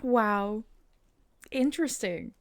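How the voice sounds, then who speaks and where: A woman's voice: a little high, lively intonation, takes it slowly. A woman streamer playing a game, chatting casually, laughing often and reacting to her chat. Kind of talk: casual livestream chat over gameplay.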